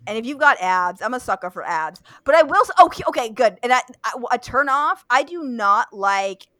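A woman's voice: fairly high pitch, animated, fairly quick, bright, forceful tone, dry recording. A young woman hosting a casual chat, blunt and profane, with lots of fillers and restarts. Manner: blunt, swears freely, many fillers and restarts. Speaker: podcast host.

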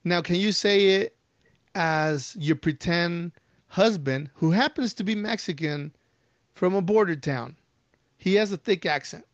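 A man's voice: high-pitched, unhurried, no echo. A man chatting casually on a podcast, rambling with lots of fillers and restarts as he asks the questions. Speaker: guest asking questions. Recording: dull, lo-fi, dry.

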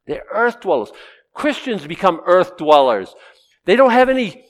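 Man, middle-aged, preacher, sermon, animated, lively pitch, conversational, humorous asides. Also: unhurried. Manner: animated, swings from loud outbursts to low asides. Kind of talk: expository sermon.

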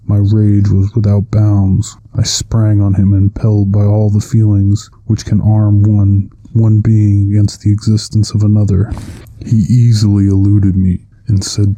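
A man giving a measured, solemn first-person reading of a classic novel. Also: lowish voice, completely flat delivery, mellow, no echo. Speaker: audiobook narrator.

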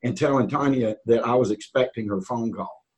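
A man, a real estate auctioneer, telling a rambling, animated story as a guest on a podcast. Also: mid-range voice, moderate pace, breathy edge, low-quality recording. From north of Atlanta, US. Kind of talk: casual storytelling in a podcast interview.

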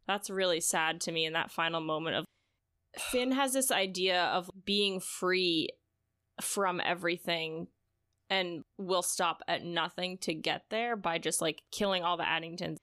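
A woman's voice: lowish voice, unhurried. A woman co-hosting a podcast in a casual book discussion, retelling scenes with lots of "like" and acting out lines. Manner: animated retelling, frequent "like", acts out characters' lines. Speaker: podcast co-host.

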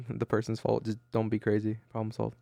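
A man's voice: lowish voice, monotone, normal speed, vocal fry, warm tone, no echo. A tired young man hosting a casual chat, rambling with lots of restarts. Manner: rambling, many restarts and fillers. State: tired, yawning. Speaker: podcast host.

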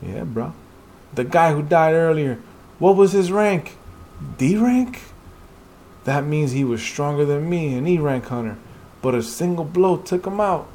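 A man's voice: on the high side, lively intonation, measured pace, warm tone, pitched above the performer's own voice. A man voicing a frightened young male hunter facing moving statues. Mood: alarmed. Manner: alarmed, tense.

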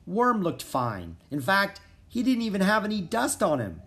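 A man narrating a children's storybook in an expressive, dramatic reading style. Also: high-pitched, moderate pace. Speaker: audiobook narrator.

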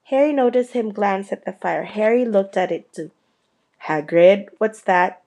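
A woman narrating a storybook chapter in a steady, unhurried reading voice. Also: medium pitch, creaky. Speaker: audiobook reader.

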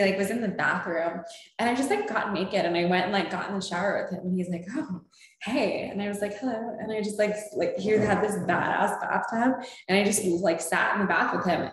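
A woman's voice: medium pitch, a little fast. A woman hosting a casual chat, telling a story in a bubbly way with many fillers and frequent laughter. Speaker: podcast host. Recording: very echoey room.

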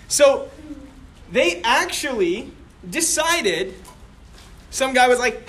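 A male teacher giving a joking, animated history lesson to a class, acting out little quotes as he goes. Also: extremely high pitch, unhurried.

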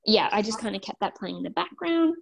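A young woman telling a story in a loose, chatty way, with lots of "um" and "like" as she acts out what everyone said. Her voice sits at a middle pitch with a gravelly, fried edge at the ends of phrases. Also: sing-song, a little fast. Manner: chatty, many fillers, quotes herself and others. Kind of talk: casual storytelling.

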